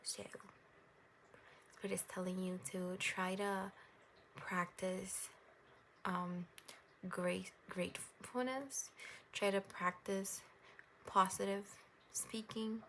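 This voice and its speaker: A young woman doing a casual tarot reading, rambling gently and reassuringly and laughing at herself. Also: mid-range voice, monotone, takes it slowly, long pauses, slight background noise. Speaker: tarot reader.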